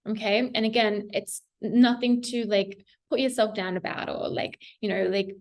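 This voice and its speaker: A woman's voice: medium pitch, steady tone, normal speed. A young adult woman giving a casual tarot reading, chatty and encouraging, laughing often and talking with many fillers. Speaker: tarot reader.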